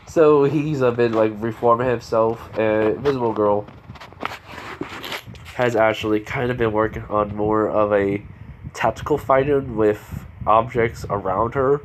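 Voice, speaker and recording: A man's voice: medium pitch, steady tone, moderate pace, a little hiss or hum. A man improvising a fan story aloud in a rambling way, full of fillers and self-corrections.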